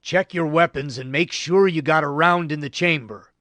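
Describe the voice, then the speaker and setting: A man's voice: fairly high pitch, moderate pace, fairly bright tone, no room sound, lightly acted. A man reading an audiobook, voicing an older Marine who gives urgent, folksy warnings on patrol.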